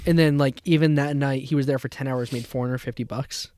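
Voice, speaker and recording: In a mid-range voice and at a fairly quick pace, a young podcast co-host spins a casual story, performing the quotes of the people in it and cursing offhandedly. A slight hiss or hum sits under the recording.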